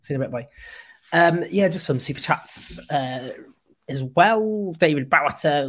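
A man hosting a political livestream, impassioned and sarcastic with quick asides. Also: fairly high pitch, lively intonation. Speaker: host.

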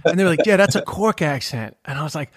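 A man's voice: fairly high pitch, expressive, fast. A man with a New York Queens accent, a stand-up comedian in casual podcast chat, talking in a loose, rambling way full of restarts. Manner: chatty, restarts with many "like"s.

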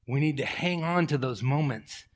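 A middle-aged male pastor preaching a sermon, telling stories with animated swings from loud to hushed. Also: fairly high pitch, moderate pace. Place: church.

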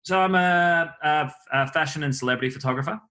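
A man's voice: on the high side, fairly quick, pushed and bright. An Australian man from country Victoria, a guest on a podcast, talking in a laid-back, joking way. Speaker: guest, photographer. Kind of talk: podcast interview.

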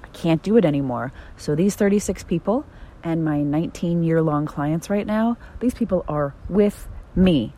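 A woman hosting her own podcast, talking candidly and bluntly, swearing freely and swinging between soft, tender phrasing and emphatic outbursts. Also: deep voice, normal speed. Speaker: podcast host. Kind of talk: candid solo podcast monologue.

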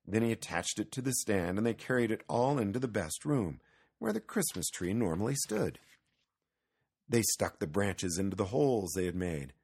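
A man narrating a children's storybook in an expressive, storytelling way. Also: lowish voice, normal speed, husky.

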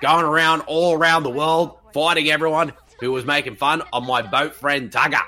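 A man's voice: mid-range voice, normal speed, pushed and bright, close to an everyday voice. A man putting on a boastful, brawling middle-aged movie star as a joke impression, talking bluffly and laughing. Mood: boisterous.

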